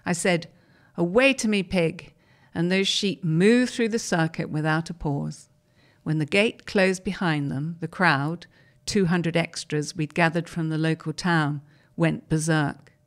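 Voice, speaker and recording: Woman, lowish voice, steady reader. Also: measured pace. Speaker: reader of articles. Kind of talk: reading newspaper articles aloud.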